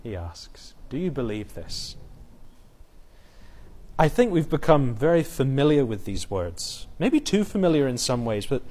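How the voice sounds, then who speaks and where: A man preaching an expository sermon, earnest, building emphasis and quoting scripture in a softer voice. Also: mid-range voice, big pitch swings, a little slow.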